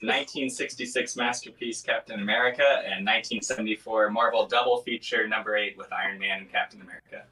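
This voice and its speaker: A man's voice: on the low side, steady tone, fast talker, hardly any pauses, sharp tone, recorded from a distance, poor audio. A man guest on a video call, making short remarks in casual chat.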